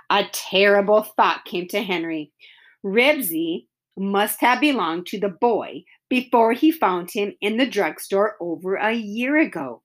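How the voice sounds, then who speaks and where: A woman reading a children's book aloud with expressive storytelling. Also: mid-range voice. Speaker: narrator.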